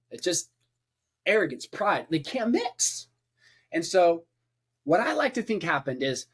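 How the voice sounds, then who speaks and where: A man's voice: a little high, husky. A man who is a preacher, talking as a podcast guest in a passionate conversational way, with emphatic repetition and rhetorical lists.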